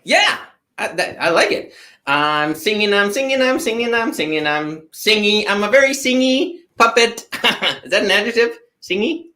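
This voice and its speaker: A giggly, bouncy puppet host, voiced by a performer leads a kids' word game in a sing-song way. The voice is bright and sharp, and its pitch leaps all over the place. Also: big pitch swings, moderate pace. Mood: playful. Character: silly, playful puppet who sings word games.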